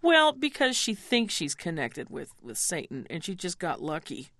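A woman's voice: on the low side, huge pitch swings, a bit bright, no room sound, clean studio sound. A middle-aged woman opera singer, interviewed about her roles, speaking thoughtfully and candidly. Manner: thoughtful, candid, coaches pronunciation slowly. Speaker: opera singer, mezzo-soprano guest. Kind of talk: interview conversation.

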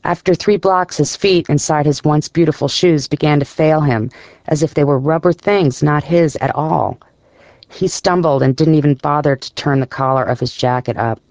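Gravelly male audiobook narrator. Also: on the high side, normal speed, a little mellow, no echo.

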